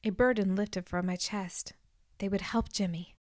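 A woman narrating a novel in the first person, telling it at a measured pace and lifting her voice for dialogue. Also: mid-range voice, fairly even intonation, dry recording, studio quality. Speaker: audiobook narrator.

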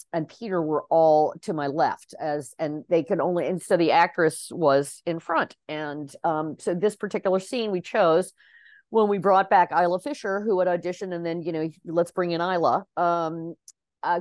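A middle-aged woman, a casting director, tells stories in an animated, expressive way, with many fillers and restarts. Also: lowish voice, no room sound, studio quality. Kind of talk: casual interview storytelling.

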